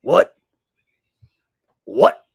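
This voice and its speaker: A gravelly, husky parody of a ranting talk-show host, as a man puts him on. He whines and wails in an exaggerated, sarcastic way, the pitch swooping all over. The sound is close and dry. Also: expressive, moderate pace, no room sound, full character voice. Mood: whiny.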